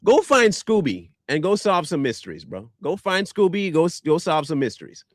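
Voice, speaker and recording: A man voicing a slow, drawling male conspiracy commenter who ends every phrase with "man" or "brother". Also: fairly high pitch, big pitch swings, no echo, studio quality. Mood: mocking drawl. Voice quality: lazy drawl, 'man' and 'brother' after every phrase.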